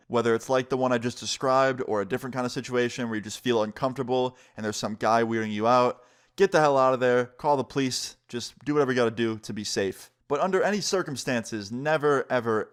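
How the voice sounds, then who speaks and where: A man's voice: mid-range voice, smooth. A man telling a personal story in a casual, earnest way, with lots of "like" and "right?". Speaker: storytime vlogger.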